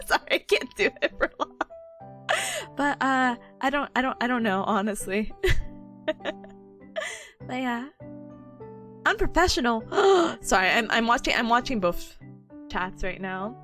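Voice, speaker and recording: A woman's voice: fairly high pitch, lively intonation, moderate pace, pauses often, a bit bright, faint music behind. A young woman streaming as a VTuber, chatting casually with her chat, giggly and bubbly, talking with a smile.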